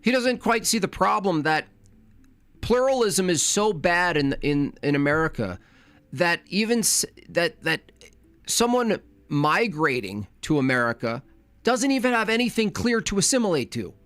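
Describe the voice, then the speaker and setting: A man's voice: high voice, big pitch swings, normal speed, a bit bright, dry recording. A man reacting to a clip, ranting with sarcastic questions. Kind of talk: casual reaction commentary.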